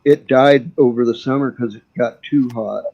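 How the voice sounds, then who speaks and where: A laid-back man talks easily in a loose panel chat, his voice dark and mellow. The sound is dull and lo-fi. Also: mid-range voice, moderate pace. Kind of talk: casual live panel chat. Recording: dull lo-fi audio.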